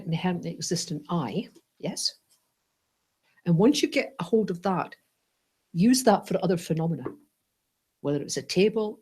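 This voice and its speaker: Woman, Buddhist teacher, husky low voice, animated and playful classroom delivery. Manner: animated, playful, asks "right?" and "yes?".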